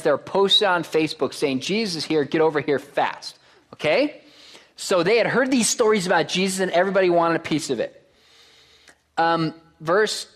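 A man preaching a sermon to a congregation, reading verses aloud and putting questions to the crowd. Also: a little high. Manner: animated, asks the crowd questions. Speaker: pastor.

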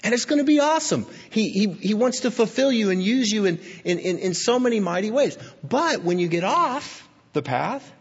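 A man preaching a sermon with deep feeling, his voice going from hushed to emphatic. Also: sing-song, normal speed, hardly any pauses, slightly rough. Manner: emotional, swinging from hushed to emphatic. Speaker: pastor. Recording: dull lo-fi sound with long hall reverb.

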